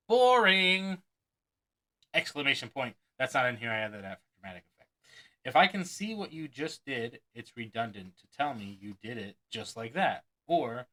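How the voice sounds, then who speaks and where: Bright-voiced man reading aloud with asides. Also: medium pitch, low-quality recording. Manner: chuckles often, breaks off to add his own asides; acts out quoted lines with mock enthusiasm. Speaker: magician reading a magic book aloud.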